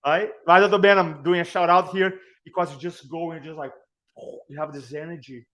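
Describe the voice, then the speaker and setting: A man in his forties coaches an audience on public speaking in a motivational seminar style. His voice sits slightly high, and he talks with energetic, emphatic repetition. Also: brisk.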